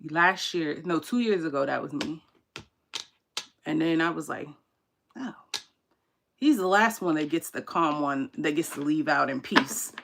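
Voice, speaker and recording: Low gravelly-voiced young woman chatting candidly. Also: a little slow, pauses often, a little hiss or hum. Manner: candid, animated storytelling with slang and laughter. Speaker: tarot reader and channel host. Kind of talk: casual livestream chat to viewers.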